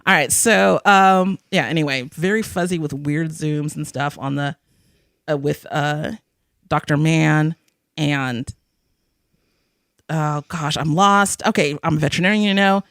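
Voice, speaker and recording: A woman's voice: low voice, measured pace, fairly bright tone, no room sound, clean studio sound. A young woman hosting a podcast, chatting casually about an episode, rambling and giggling as she acts out quotes. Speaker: podcast host. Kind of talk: casual chat recapping an episode.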